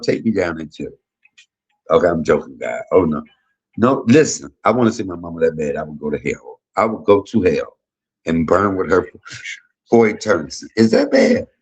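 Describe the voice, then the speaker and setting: Man in his fifties, very low and husky, swings his pitch widely; blunt, profane livestream storyteller. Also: rough recording. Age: 50s. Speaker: livestream host. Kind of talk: candid livestream monologue.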